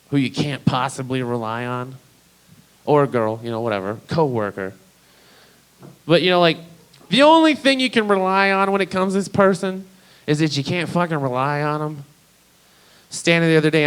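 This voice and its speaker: A man's voice: a little high, fairly bright tone, clear, resonant tone, poor audio. A man doing a stand-up comedy set, talking in a rambling, profane, conversational way.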